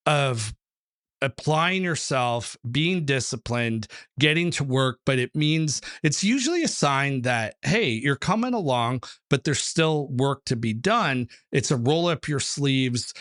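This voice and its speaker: A man, a numerology author and teacher, talking as a guest in a casual interview and telling stories with lively acted-out quotes. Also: mid-range voice, slow pace, dry recording, clean studio sound. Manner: animated storyteller, acts out quotes, many fillers.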